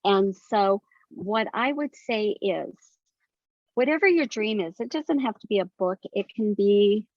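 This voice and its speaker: An older woman speaks as a guest author, recounting things in earnest and detailed stories. Her voice sits at a middle pitch. The recording is dry and a little muffled, with the highs rolled off. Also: animated, a little slow, no echo. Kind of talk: conversational interview. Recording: dry, slightly dull sound.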